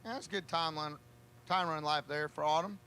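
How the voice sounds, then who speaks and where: A man calling a drag race, with a joking, folksy manner and drawn-out calls. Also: on the high side, sharp tone, slight background noise. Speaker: race announcer. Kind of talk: drag racing commentary.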